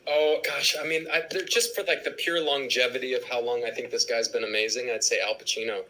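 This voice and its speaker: A man actor chatting on a fan panel, searching for words with lots of ums. His tone is bright, with a faint hiss of noise behind. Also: medium pitch, fairly even intonation, a little fast, poor audio. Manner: rambling, hesitant, many fillers. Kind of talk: casual panel chat.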